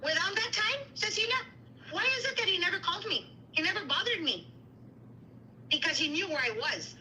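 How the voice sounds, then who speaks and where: Woman, very high bright voice, heated livestream rant, faint noise behind. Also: lively intonation, low-quality recording. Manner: indignant, rapid retelling with quoted dialogue, mixes Spanish.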